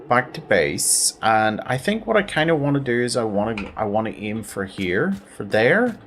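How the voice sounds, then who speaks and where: Northern Irish man, tired gameplay host, lively low voice, self-mocking, rambles and repeats words. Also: moderate pace, hardly any pauses, slight background noise. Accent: Northern Irish, Belfast. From Northern Ireland. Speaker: gaming video host. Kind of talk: casual gameplay commentary.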